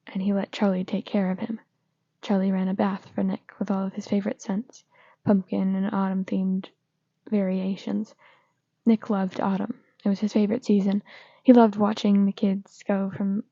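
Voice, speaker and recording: Woman with a gravelly, mellow reading voice. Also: mid-range voice, no room sound. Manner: steady, plain reading with small slips and restarts. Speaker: fanfiction reader. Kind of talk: reading fanfiction aloud. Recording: slightly dull lo-fi recording.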